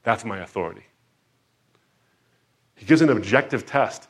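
A man preaching a sermon, moving from quiet reflection to loud, emphatic outbursts and acting out quoted voices. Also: fairly low pitch, animated, normal speed, husky. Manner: dramatic, swings between soft reflection and loud emphatic outbursts.

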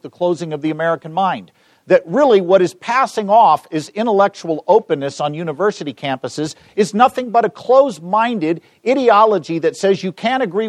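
Brief: middle-aged man, bright-ish tenor, dry close mic, funny storyteller at a lecture Q&A. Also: fairly high pitch, dry recording. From Los Angeles. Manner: joking, lively storyteller. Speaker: speaker answering audience questions. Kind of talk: public talk with Q&A.

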